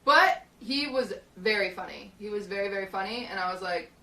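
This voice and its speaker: Brief: young woman streamer, bright tone, rambling casual storyteller, echoey small room, mic set back. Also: medium pitch, fairly quick, far from the mic, a little hiss or hum. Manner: rambling, lots of "like" and restarts, acts out quotes. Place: small hot shed studio.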